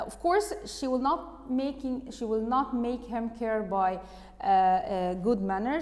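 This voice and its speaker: A woman's voice: on the high side, darkish tone, in a large hall. A woman English teacher, reading a storybook aloud and patiently explaining words and asking the class questions.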